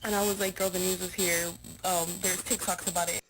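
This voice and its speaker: A woman's voice: fairly low pitch, little pitch movement, a little fast, background noise. A woman casually recounting events, rambling and filling her talk with "like" and "whatever". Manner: rambling, heavy use of "like" and "whatever". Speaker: witness recounting events in a clip. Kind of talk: casual storytelling.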